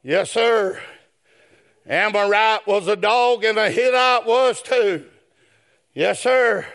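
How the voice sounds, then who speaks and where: A man preaching a sermon, swinging from shouted chanted phrases down to low spoken asides. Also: slow pace.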